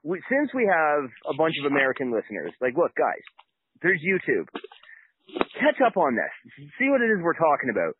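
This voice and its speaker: A man's voice: a little high, huge pitch swings, moderate pace, breathy edge, no room sound. A man with a Canadian accent, co-hosting a podcast and talking emphatically in a casual chat. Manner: emphatic, conversational. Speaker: podcast co-host. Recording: tinny phone-like line.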